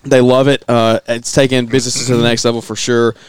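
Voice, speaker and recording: A man co-hosting a podcast who keeps things moving with quick, short remarks. His voice is smooth and clear, and the recording is dry with no room sound. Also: medium pitch, level tone, no room sound. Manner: short agreeing interjections, introduces guests. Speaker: podcast co-host. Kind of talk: casual podcast chat.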